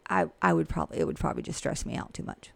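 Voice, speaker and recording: A woman who works as a real estate agent and coach talks rapid-fire in a casual interview, frank and chatty, with laughs and asides. There's no room sound.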